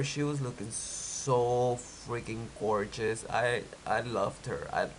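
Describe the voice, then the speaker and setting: A man's voice: mid-range voice, poor audio. A young man with a stuffy, cold-clogged nose talks through a reality show episode in a loose, chatty way. He fills his talk with "like" and gives his opinions freely, in a mid-range voice with faint noise behind him. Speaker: TV recap vlogger. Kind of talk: casual reality-show recap.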